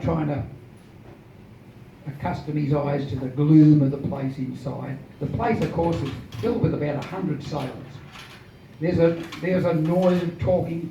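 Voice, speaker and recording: A man telling a historical tale as an oral storyteller, in a lively, dramatic way. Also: on the high side. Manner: lively, dramatic, animated retelling. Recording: echoey, distant, dull noisy room recording.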